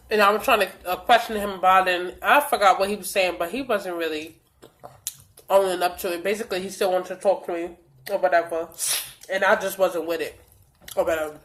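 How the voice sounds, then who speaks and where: In a mid-range voice, a young woman vlogs a storytime with blunt, profane language and plenty of lively dialogue retelling. Allergies leave her sounding a bit stuffy.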